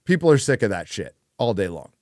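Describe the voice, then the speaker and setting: A man's voice: lowish voice, very animated, a little fast, no room sound, clean studio sound. Profane ranting male livestream host. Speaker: reads viewer donations aloud. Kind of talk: casual livestream chat.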